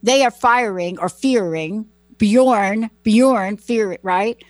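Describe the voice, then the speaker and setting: A woman's voice: medium pitch, takes it slowly, no echo. A woman hosting a talk show, chatting in a rambling, personal, folksy way. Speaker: host. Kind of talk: casual chat.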